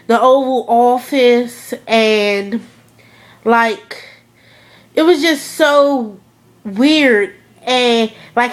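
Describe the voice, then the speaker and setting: A young woman with a fairly high voice talks slowly and casually to her viewers. She gushes as she goes, her sentences full of "like" and "oh my goodness". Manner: gushing, lots of "like" and "oh my goodness". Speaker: vlogger reviewing a TV episode. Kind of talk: casual excited chat.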